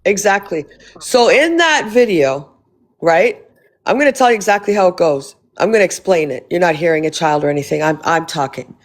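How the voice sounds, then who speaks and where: A woman's voice: fairly low pitch, lively intonation, moderate pace. A woman hosting a live stream, angrily confronting a guest with profanity.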